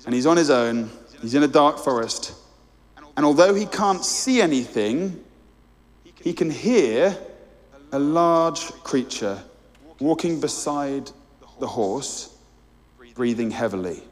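A man's voice: mid-range voice, lively intonation, slow, long pauses. A man preaching a sermon, earnest and direct, speaking straight to his listeners. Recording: long hall reverb.

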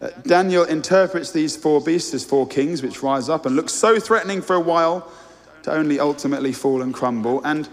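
A man's voice: a little high, fairly quick. Earnest male preacher in a reverberant hall. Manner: earnest, direct, addresses listeners as you. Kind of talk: sermon.

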